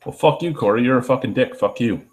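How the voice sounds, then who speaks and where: A man's voice: mid-range voice, quick pace, background noise. A man hosting a beer review show, telling rambling, profane stories in casual chat while a little tipsy.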